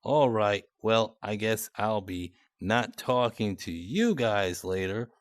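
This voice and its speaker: A man's voice: fairly low pitch, animated, slow, dry recording, studio quality. A young man and content creator giving casual, mocking commentary on chat messages in a sarcastic tone.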